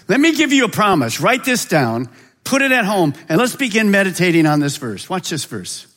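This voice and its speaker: A man preaching a sermon as pastor of a large church, with a dramatic delivery that swings from loud high calls to quiet, low drops. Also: big pitch swings, moderate pace.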